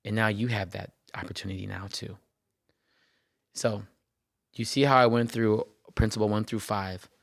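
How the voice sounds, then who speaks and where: A low-pitched man with a gravelly, creaky edge, speaking as a therapist on his podcast. He talks earnestly and reflectively, repeating himself and tagging his points with a quick "right?". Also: dry recording, clean studio sound. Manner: earnest, repeats phrases, tags lines with "right?". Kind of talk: personal reflective podcast monologue.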